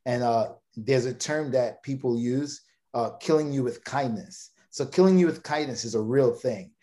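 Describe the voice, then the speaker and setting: At normal speed and medium pitch, with a dark tone, the Brooklyn man in his thirties tells a long personal story as a podcast guest. The conversation is casual and meandering, broken up by stammers and fresh starts.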